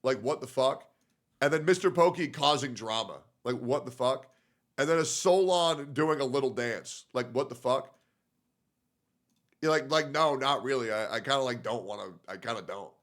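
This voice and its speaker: A man's voice: mid-range voice, normal speed, a bit bright. A young man streaming in casual commentary, reacting to posts in a profane, filler-heavy, muttering way.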